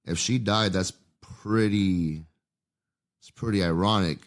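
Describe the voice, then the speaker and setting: A man's voice: sits low, takes it slowly. A man hosting a podcast, reading scripture aloud and stopping to think aloud about it in a loose, conversational way. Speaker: podcast host.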